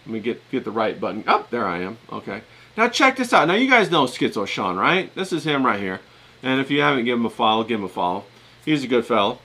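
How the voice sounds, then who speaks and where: A man's voice: mid-range voice, very animated, quick pace, vocal fry, pushed and bright, husky. A man with a self-described hillbilly Southern US accent, hosting a casual livestream and chatting straight to his viewers in a loose, rambling way. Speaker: livestream host.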